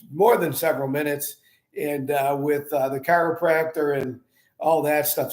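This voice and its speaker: An older man hosts his own wine show, chatting loosely and circling back with fillers and false starts. His voice sits slightly high for a man. The sound is roomy, with a clear echo off the walls. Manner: rambling with many fillers and restarts. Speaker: winery owner and show host. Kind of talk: casual storytelling and wine tasting. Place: indoors at his winery.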